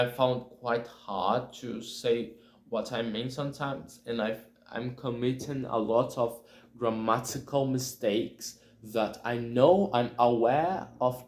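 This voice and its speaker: A Brazilian man speaking English as a learner with a Brazilian Portuguese accent, talking casually to the camera and pausing often to find his words. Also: mid-range voice, a little mellow. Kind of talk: casual self-recorded video. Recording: roomy echo.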